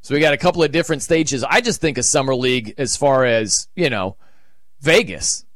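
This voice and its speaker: A man hosting a sports radio show, talking casually and acting out excited and deflated reactions. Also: medium pitch, fairly quick, no echo, studio quality. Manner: animated, acts out quoted reactions.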